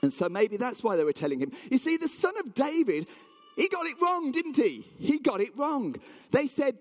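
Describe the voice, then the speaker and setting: A man's voice: very high voice, normal speed, in a large hall. A man telling a Bible story in a sermon, acting out the townspeople's voices. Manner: animated, acts out voices of townspeople. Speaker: preacher.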